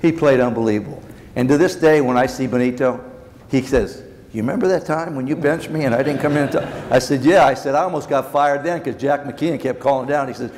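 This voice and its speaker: A man's voice: medium pitch, fairly quick, darkish tone. An older man, a former baseball manager, telling blunt anecdotes at a luncheon Q&A and acting out the dialogue. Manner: blunt, acts out quoted dialogue. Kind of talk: anecdotal storytelling in a Q&A. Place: large banquet hall. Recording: long reverb in a large hall, faint room noise.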